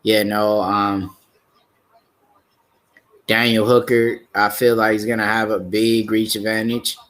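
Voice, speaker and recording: A man with a low, fairly flat voice talks through a fight preview at an unhurried pace. He hesitates often and leans on fillers as he restarts his thoughts. His tone is casual, like a live stream host. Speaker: fight commentator.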